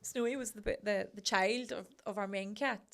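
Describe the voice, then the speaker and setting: A woman's voice: medium pitch, normal speed, vocal fry. A Northern Irish woman co-hosting a podcast, chatting casually and telling stories with acted-out quotes. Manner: animated storyteller acting out quotes. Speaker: podcast co-host. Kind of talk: casual chat.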